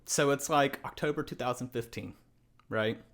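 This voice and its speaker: Young man telling a story, lively. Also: mid-range voice, normal speed. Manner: animated, acts out quoted voices, laughs often. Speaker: podcast guest. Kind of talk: casual storytelling.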